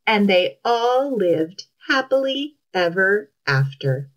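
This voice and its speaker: Animated woman reading a storybook aloud. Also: medium pitch, slow pace, poor audio. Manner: expressive, animated, storyteller's lilt. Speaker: children's librarian, storytime host. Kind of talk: read-aloud storytime for children. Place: outdoor library garden.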